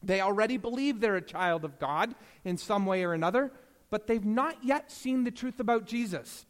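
A man preaching a sermon as a pastor, telling stories and swinging between hushed, slow passages and emphatic rises. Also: high voice, lively intonation, long reverb tail.

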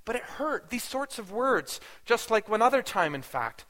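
A man's voice: sits high, sing-song, moderate pace, bright, forceful tone, pitched above the performer's own voice, heavily acted. A man preaching in the first person as a grieving, bewildered yet faithful mother, telling her story with earnest feeling and rising pleas. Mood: wounded, reflective. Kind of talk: first-person dramatic sermon monologue. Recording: long hall reverb.

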